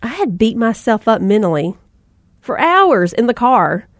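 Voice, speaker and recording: A woman's voice: on the high side, sing-song, unhurried, dry recording, clean studio sound. A woman in her thirties giving a folksy Christian talk to mothers, in a conversational style with asides and fillers. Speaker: Christian speaker. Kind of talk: faith-based talk to mothers.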